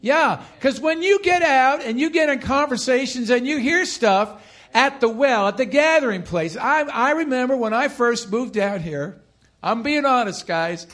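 A man delivers a sermon from the pulpit with a high, animated voice full of swooping pitch. He leads the congregation in repeating phrases. He presses each point home by saying it again and again. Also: a little slow. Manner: animated preaching with call-and-response. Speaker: pastor.

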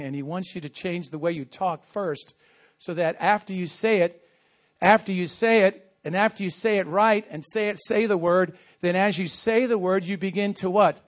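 A man's voice: sits high, moderate pace. A man preaching a sermon as a pastor, telling stories animatedly and acting out quoted asides. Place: church.

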